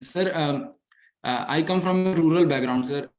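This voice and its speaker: Deferential young man, halting English. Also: on the high side. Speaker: student caller.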